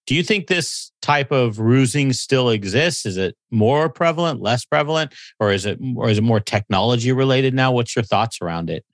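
Low-voiced man interviewing. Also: dry recording. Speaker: podcast host and business coach. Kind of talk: interviewer questions.

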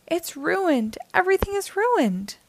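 Woman reading as little ruby from a picture book, plaintive and fretful, high and slow. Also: animated, no room sound. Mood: dismayed. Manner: plaintive, dismayed. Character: young girl Ruby, eager and easily upset.

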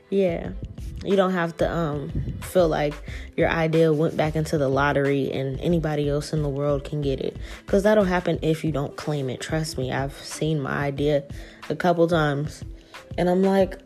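A woman with a low, gravelly voice talks through a spiritual reading in a loose, casual way. She swears freely and slips into animated quoted reactions. Her tone is mellow and dark, with faint music playing behind her. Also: normal speed. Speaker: tarot reader.

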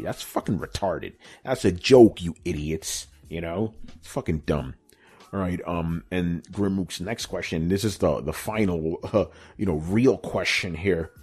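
A man's voice: sits low, darkish tone, breathy edge. A middle-aged man answering viewer questions in a laid-back, profane chat full of "you know" and "bro". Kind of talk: casual Q&A chat.

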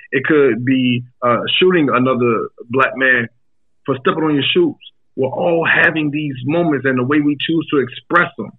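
Husky comedian guy, earnest, stammers a lot, sounds tinny like a phone. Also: medium pitch. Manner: earnest, stammers and repeats words. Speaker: guest, comedian. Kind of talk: casual chat.

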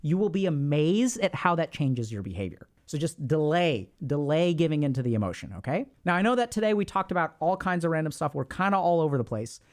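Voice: medium pitch, very animated, fairly quick, few pauses. A therapist giving casual, blunt advice, who swears and acts out sample conversations. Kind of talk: casual advice talk to camera.

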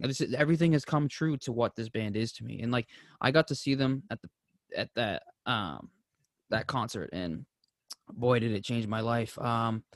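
In a dry, studio-quality recording, a young man co-hosting a podcast tells stories during relaxed conversation. His energy is animated: quotes come out high and excited, while weightier moments get a quiet, low delivery.

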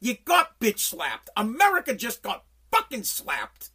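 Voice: mid-range voice, wildly swooping pitch, unhurried, sharp tone, slightly rough. A podcast host in an angry political rant, swearing constantly, hammering the same phrases over and over and stumbling over restarts when worked up. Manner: profane, heated, repeats phrases for emphasis.

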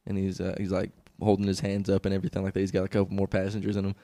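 A man's voice: low-pitched, monotone, rapid-fire, dark tone, no room sound. A young man co-hosting a casual comedy podcast, rambling through profane stories into a microphone. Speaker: podcast co-host.

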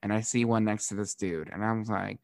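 A young man from Florida, a drag performer hosting a podcast, telling stories in a casual, animated way with frequent swearing and laughter. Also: fairly low pitch, brisk, gravelly, dry recording, clean studio sound. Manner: animated, profane, laughs often. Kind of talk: casual storytelling.

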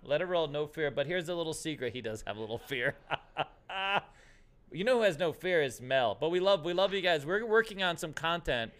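A man hosting a casual stream, excitable and rambling, calling people "dude". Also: on the high side, fairly quick. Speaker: host. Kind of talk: casual livestream chat.

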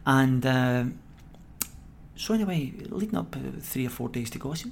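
Animated Scottish man telling stories. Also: medium pitch, normal speed, vocal fry, a little hiss or hum. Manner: animated anecdote-telling, acts out quoted voices, laughs often. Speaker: former footballer guest. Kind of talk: podcast interview storytelling.

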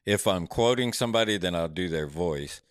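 Low-voiced man chatting casually. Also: lively intonation, normal speed, no room sound, clean studio sound. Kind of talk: casual chat.

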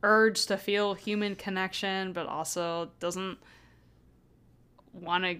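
Woman, podcast co-host, casual book chat, sarcastic, laughs a lot, mid pitch. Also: fairly even intonation, slow, fairly bright tone, smooth. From United States. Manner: laughs often, sarcastic joking.

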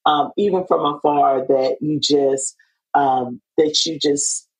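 A woman hosting a podcast, chatting in a casual interview with an animated, laughing manner and many fillers and restarts. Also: sits low, takes it slowly, low-quality recording. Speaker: podcast host.

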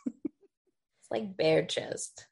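A woman's voice: very slow, a little mellow. A woman chatting casually, reacting bluntly with slang and frequent laughter. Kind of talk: casual chat.

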